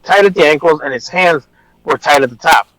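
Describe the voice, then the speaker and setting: A man's voice: on the high side, fairly quick, a bit bright, slight background noise, low-quality recording. A man, an officer, telling a personal story in a casual, rambling way, blunt and swearing at times. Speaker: officer guest.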